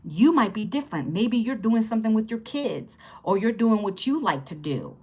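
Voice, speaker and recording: A woman's voice: on the high side, very animated, normal speed, a little mellow, husky. A woman in her fifties hosting a casual livestream, chatty and upbeat, greeting viewers and repeating phrases as she teaches. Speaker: livestream host teaching online income.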